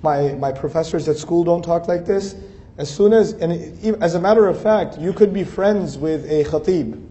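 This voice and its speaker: A man's voice: fairly high pitch, moderate pace, warm tone. A man giving a conversational religious lecture, earnest and building his points through emphatic repeated lists. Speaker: speaker giving an Islamic talk.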